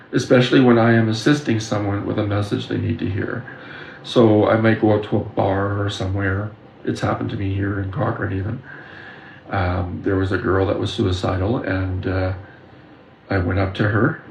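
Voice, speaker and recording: This man's voice sits on the low side with a creaky texture. He's a video creator from the Windsor, Ontario and Detroit area, telling personal stories about his spiritual experiences in an earnest, intense monologue full of filler pauses. The room is echoey, with faint background noise.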